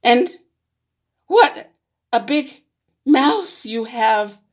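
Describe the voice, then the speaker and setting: A woman voicing an innocent little girl in a storybook reading, bright and childlike. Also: on the high side, expressive, very slow, voice pushed up, exaggerated voice.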